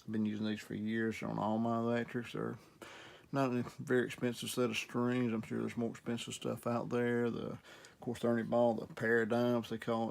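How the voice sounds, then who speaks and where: A middle-aged man with a Southern US accent, casually demonstrating guitar care in a relaxed, rambling way while he works. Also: mid-range voice, gravelly. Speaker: guitar repair instructor.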